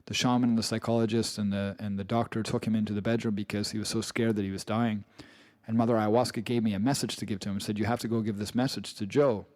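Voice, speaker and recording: A man's voice: lowish voice, level tone, fast talker, a little mellow, no echo. A man with an English accent narrating his own memoir audiobook, earnest and personal, with frequent restarts and repeated phrases.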